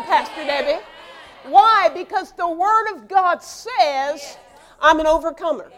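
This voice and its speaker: A middle-aged woman pastor preaching a lively sermon, acting out quoted dialogue and rising into shouts. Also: very high voice, unhurried, some chatter behind.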